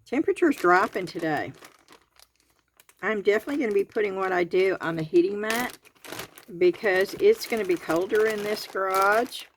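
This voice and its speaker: In her home garage, a crafting video host with a Southern US accent reviews a craft kit in real time, chatting in a homespun way and counting the items aloud. Her mid-range voice moves at a normal pace, with a little hiss or hum on the recording.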